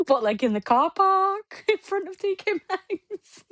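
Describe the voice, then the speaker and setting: A woman's voice: very high-pitched, sing-song, measured pace, fairly bright tone, dry recording. A woman co-hosting a podcast, chiming in with dry, teasing one-liners. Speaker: podcast co-host. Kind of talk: casual chat.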